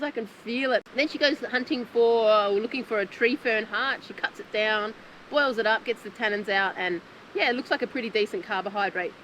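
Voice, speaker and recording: A woman's voice: mid-range voice, a bit bright, a little hiss or hum, low-quality recording. A woman talking through a show recap outdoors in nature, chatty and heartfelt, often laughing. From Australia. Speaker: former contestant recapping the show. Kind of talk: casual reflective recap.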